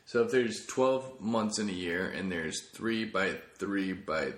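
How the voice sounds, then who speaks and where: Low-voiced rambling comedy podcast man. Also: slow pace, reverberant. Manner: rambling, self-correcting, jokey. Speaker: podcast host.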